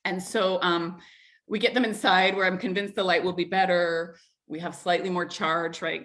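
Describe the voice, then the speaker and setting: A woman in her thirties hosting a community group, telling a family story in a chatty, animated way, with frequent laughs and filler words. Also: fairly low pitch, normal speed. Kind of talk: casual storytelling in an online group talk.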